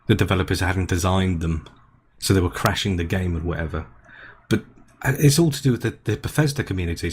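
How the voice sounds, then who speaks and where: A man's voice: sits low, breathy edge. A man co-hosting a gaming podcast in casual chat, rambling and restarting his sentences. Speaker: podcast co-host.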